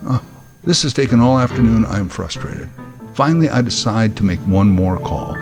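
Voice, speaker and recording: A man, hosting a podcast and delivering a wry, deadpan comic monologue. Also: mid-range voice, moderate pace, soft background music. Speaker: podcast host. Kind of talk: comedic storytelling monologue.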